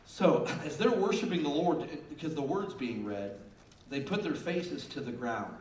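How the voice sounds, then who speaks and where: A man in his fifties preaching a sermon as pastor, swinging between loud emphasis and quiet asides. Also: on the high side, lively intonation, measured pace, a little hiss or hum. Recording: roomy and distant with faint ambience.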